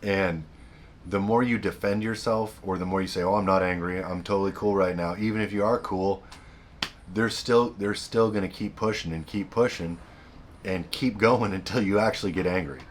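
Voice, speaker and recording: Low-voiced man giving blunt advice. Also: normal speed, slight background noise. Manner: blunt, repetitive, emphatic. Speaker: self-help video host. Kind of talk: casual advice monologue.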